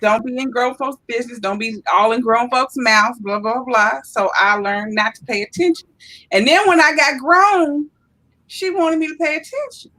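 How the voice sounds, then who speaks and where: A woman co-hosting a casual chat, telling stories in an animated way and acting out what people said. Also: fairly high pitch, normal speed, rough recording. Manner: animated storytelling, acting out quotes. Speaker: co-host.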